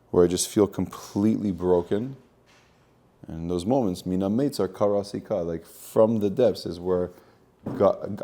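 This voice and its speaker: Male spiritual coach, low and mellow, earnest, repetitive teaching talk. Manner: earnest, repeats phrases, uses Hebrew terms. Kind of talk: teaching monologue.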